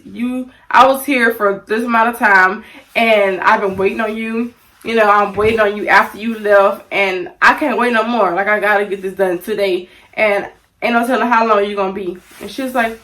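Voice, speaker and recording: Young woman doing a chatty storytime vlog, animated, mid pitch, mic a bit far off. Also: normal speed. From Louisiana. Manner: animated, chatty, addresses viewers as y'all. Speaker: vlogger. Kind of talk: casual storytime.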